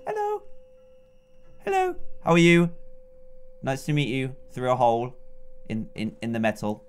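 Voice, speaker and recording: A young British man in his twenties giving excitable, jokey let's-play commentary, talking to the characters as he plays. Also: mid-range voice, normal speed, smooth. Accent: British English. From England. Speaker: gaming YouTuber.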